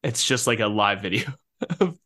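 A man with a fairly low voice co-hosts a casual film podcast. He talks animatedly, laughing often and restarting his sentences as he goes. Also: animated, normal speed, bright, forceful tone. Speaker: podcast co-host.

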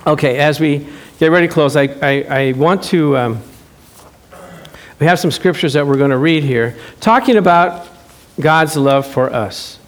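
A man's voice: a little high, measured pace. A male pastor preaching a sermon in a church, telling stories and acting out quotes with laughs. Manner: animated storytelling, acts out quotes, laughs often.

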